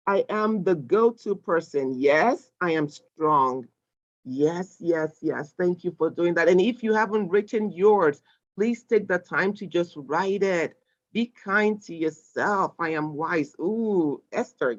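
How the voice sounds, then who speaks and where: A woman leading a live online mindfulness class, encouraging the group and reading their replies aloud with lively exclamations. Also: lowish voice, a little slow. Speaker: mindfulness instructor. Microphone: video call. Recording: dull lo-fi video call audio.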